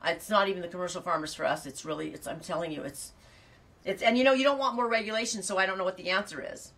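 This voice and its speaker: A woman's voice: lowish voice, fast talker, fairly bright tone, distant mic. A woman from California chatting casually and rambling as she reads out viewer comments, laughing often. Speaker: farm vlogger reading viewer comments. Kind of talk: casual chat.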